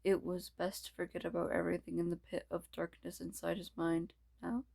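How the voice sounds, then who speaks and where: A woman's voice: on the low side, level tone, brisk, creaky, mellow. A woman reading a fan story aloud, often stumbling and restarting her words. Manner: stumbling, restarting, laughing asides. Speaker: reader.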